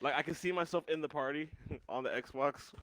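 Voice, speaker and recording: A man's voice: fairly high pitch, moderate pace, a bit bright, no echo, low-quality recording. A man on a headset playing a tabletop game, rambling and self-mocking. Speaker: player. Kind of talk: casual game chat.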